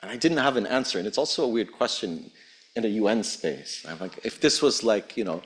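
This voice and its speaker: A man speaking as a rapporteur at a conference, heartfelt and impassioned, with pauses between phrases. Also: on the low side, sing-song. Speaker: UN special rapporteur giving a speech. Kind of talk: earnest public speech. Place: conference hall.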